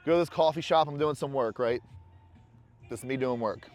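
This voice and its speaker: A man's voice: mid-range voice, fairly quick, a little mellow, soft background music. A man in a casual motivational vlog, talking to camera bluntly and with profanity, candid and rambling while smoking a cigar. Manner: blunt, profane self-talk. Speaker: vlogger.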